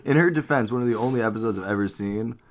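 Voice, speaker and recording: A man's voice: fairly low pitch, fast talker. A man co-hosting a podcast, riffing and laughing in casual comedic banter. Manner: giggly, riffing, lots of laughter. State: hiccuping. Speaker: podcast co-host.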